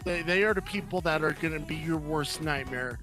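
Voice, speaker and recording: A Louisiana man whose accent mixes Louisiana and Texas Southern US speech guests on a casual live-stream interview, playing a roleplay gang member. His voice is on the high side, brisk and sharp, and he tells rambling stories full of fillers over soft background music.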